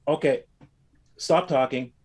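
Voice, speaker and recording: A man's voice: medium pitch, takes it slowly, a little mellow, voice pushed up. A man quoting a stern older judge. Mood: firm.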